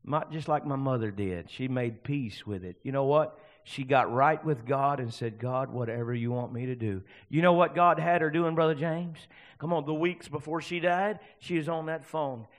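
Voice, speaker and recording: A man preaching a sermon as pastor, swinging between loud fervent bursts and hushed passages. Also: medium pitch, moderate pace.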